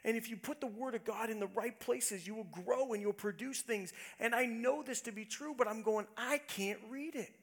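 Gravelly earnest male preacher. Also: high voice, fairly quick, few pauses. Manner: earnest, swings from hushed to emphatic. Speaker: pastor. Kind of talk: sermon with personal story.

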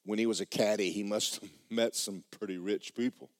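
Folksy preacher, low voice. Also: male voice, moderate pace, no room sound, studio quality. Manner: animated, folksy, repeats words. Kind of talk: storytelling sermon.

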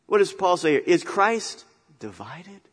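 A man's voice: high voice, unhurried, husky. Emphatic man preaching in a reverberant hall. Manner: animated, emphatic storytelling with big swings in loudness. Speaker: pastor. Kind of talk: sermon. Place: church sanctuary.

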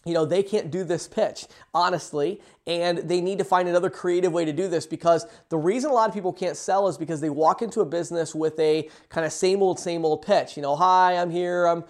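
A man coaching salespeople, talking with enthusiasm and acting out sample pitches. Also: brisk, few pauses, darkish tone. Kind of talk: fast, energetic sales coaching talk.

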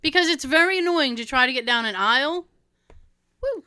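A woman chatting casually and telling an everyday story, acting out quoted dialogue in lively voices. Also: high voice, brisk, dry recording, clean studio sound.

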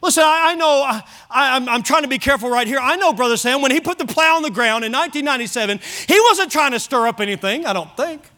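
A man's voice: extremely high pitch, animated, fast, hardly any pauses, bright, forceful tone. A man preaching a sermon at a church service, emphatic and repeating key phrases for weight.

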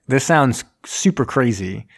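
A man in casual chat, recapping a film plot and acting out the characters' lines in quick voices. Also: mid-range voice, expressive, vocal fry. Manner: rambling, acts out scenes in quick voices. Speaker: podcast host recapping a film.

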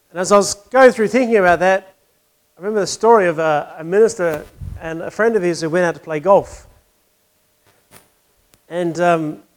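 A man preaching a conversational sermon, asking questions and telling a wry joke. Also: sits high.

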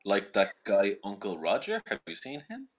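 A man's voice: on the low side, huge pitch swings, moderate pace. A man in casual group chat, joking and arguing his point.

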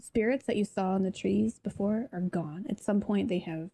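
A woman's voice: medium pitch, normal speed, creaky, dark tone, breathy edge. A woman running a tabletop role-playing game, narrating the scene in a chatty way with many fillers. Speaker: game master.

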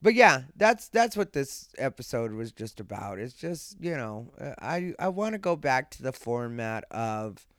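A man hosting a solo podcast at night, rambling in a laid-back way, sleepy and yawning, with a slight lisp, talking from a dark room at home. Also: medium pitch, big pitch swings, a little slow, hardly any pauses, no room sound, studio quality. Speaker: podcast host and comedian. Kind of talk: casual solo podcast monologue. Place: dark room at home, lying beside his dog.

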